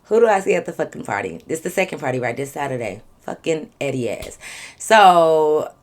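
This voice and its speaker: A woman in her twenties telling a candid, profane story to her viewers in a casual, animated way. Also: sits low, fairly quick. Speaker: vlogger.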